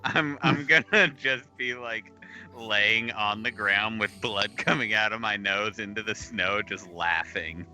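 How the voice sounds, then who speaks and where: A man's voice: fairly low pitch, measured pace, bright, forceful tone, soft background music. A man playing in a tabletop game, casual and playful. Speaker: player.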